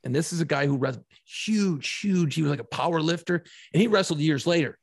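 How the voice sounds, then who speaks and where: A man co-hosting a podcast, a lively storyteller who laughs often and swears freely in casual chat. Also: a little high, fairly quick, creaky, dry recording, clean studio sound. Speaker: podcast co-host.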